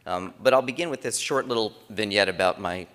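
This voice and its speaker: As conference chairman, a man gives opening remarks in a large conference room, telling stories loosely and conversationally with frequent restarts. His voice is on the low side, brisk and fairly bright. The recording carries the long reverb of a conference hall.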